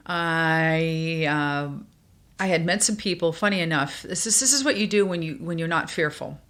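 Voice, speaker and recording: An older woman from New York tells her stories in a fairly low voice. She keeps it lively, jumping into the quoted voices of the people in her tales. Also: normal speed. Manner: animated, acts out quoted voices. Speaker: guest. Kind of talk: storytelling in a podcast interview.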